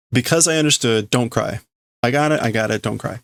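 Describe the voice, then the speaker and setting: A man of medium pitch talks his way through a translation, pausing, restarting and filling gaps with "uh". His voice sounds dry and close, with no room around it. The tone is casual, like a stream. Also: vocal fry, fairly bright tone, no echo. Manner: hesitant, thinking aloud with many fillers. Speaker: streamer learning Japanese. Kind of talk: casual reading and translating aloud.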